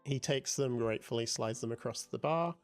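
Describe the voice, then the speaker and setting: A man's voice: medium pitch, a little fast, soft background music. Casual man narrating a tabletop game. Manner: casual, hesitant, many fillers. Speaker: game master.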